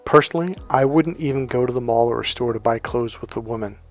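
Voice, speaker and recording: A man's voice: medium pitch, quick pace, faint music behind. Blunt, profane middle-aged male coach. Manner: profane, emphatic, storytelling. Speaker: dating coach. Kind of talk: blunt advice monologue with anecdotes.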